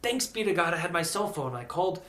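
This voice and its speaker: An American man telling a personal story in a casual, animated way, acting out the voices of the people he quotes. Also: high-pitched, quick pace. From United States. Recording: echoey room.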